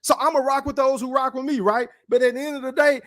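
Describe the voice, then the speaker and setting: A man's voice: very high-pitched, level tone, fast, fairly bright tone, no echo, studio quality. Blunt, profane man ranting on a livestream. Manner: blunt and profane, with frequent "right?" tags. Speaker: podcast host. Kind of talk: casual livestream rant. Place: his room at home.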